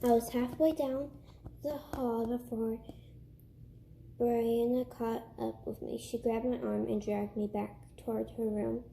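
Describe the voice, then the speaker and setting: A woman reads a book aloud slowly and haltingly, with stumbles and restarts. Her voice is mellow and a bit high, and faint background noise with clicks sits behind her. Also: flat delivery, creaky. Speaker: reader.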